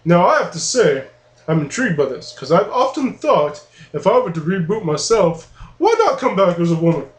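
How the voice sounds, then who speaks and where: A man's voice: high-pitched, very animated, moderate pace. A man joking around on a comedic podcast, goofy and provocative as he keeps derailing the topic. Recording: roomy echoey room.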